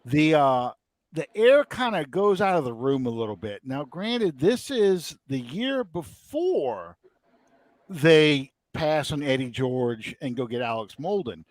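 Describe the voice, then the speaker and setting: A man's voice: a little high, takes it slowly, no echo. A middle-aged man, hosting a podcast and telling a story in casual chat, acting out the quotes he tells. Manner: animated, acts out quotes. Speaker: podcast host.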